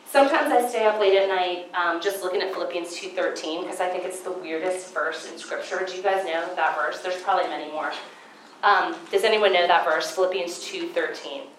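A woman giving a Christian seminar talk at a conference. She tells stories in an animated way and acts out her own past thoughts. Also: fairly low pitch, a little fast, reverberant, slight background noise, poor audio. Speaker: conference speaker.

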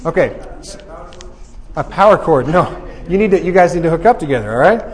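A man teaching a Bible study group in a lively, joking way, often checking in with "right?". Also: fairly high pitch, a little fast, in a large hall.

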